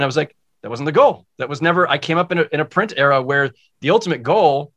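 A man who is a guest sportswriter, with a bright, forward voice pitched a little high. He speaks in a reflective, heartfelt way in casual chat. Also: animated, quick pace, hardly any pauses.

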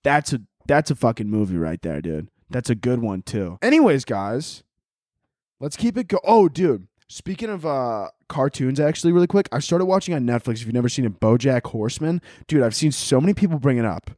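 A man's voice: medium pitch, animated, a little fast, warm tone, no room sound, studio quality. A man hosting a podcast, telling a rambling, profane comic story. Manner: rambling, profane, laughing often. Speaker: podcast host. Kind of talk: casual comedic storytelling.

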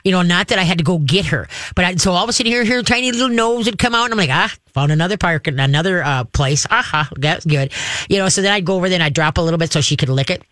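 A woman's voice: fairly low pitch, lively intonation, very fast, hardly any pauses, fairly bright tone, dry recording. A woman hosts a call-in radio show about dog training, in a folksy, rambling manner. She often slips into little voices for the dogs she talks about. Her voice sits close and dry on a studio microphone. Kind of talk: casual call-in radio talk.

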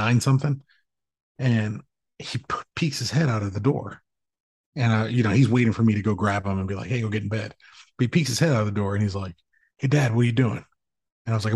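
Gravelly low-voiced man, rambling chat. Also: no echo. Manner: rambling, swears, animated storytelling. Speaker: podcast co-host. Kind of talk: casual chat.

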